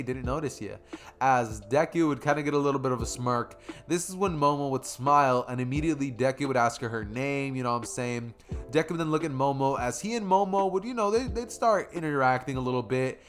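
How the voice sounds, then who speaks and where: A man's voice: mid-range voice, fairly bright tone. A young man casually retelling his own fan story, rambling, slangy and correcting himself as he goes.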